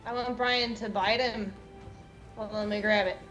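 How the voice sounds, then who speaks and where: A woman playing a tabletop game, excitable and giggly, firing off quick questions. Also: medium pitch, soft background music. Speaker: player. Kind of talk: casual tabletop play.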